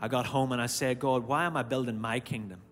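A man's voice: mid-range voice, fairly even intonation, fairly quick. A man with an Irish accent preaching a sermon, animatedly telling a personal story and acting out his own reactions. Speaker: church speaker. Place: church auditorium. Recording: long hall reverb, faint music behind. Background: faint music.

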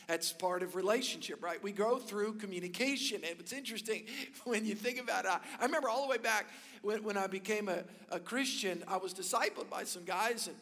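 A male pastor preaching a sermon, telling stories with animated delivery and building to emphatic peaks. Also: high voice, in a large hall.

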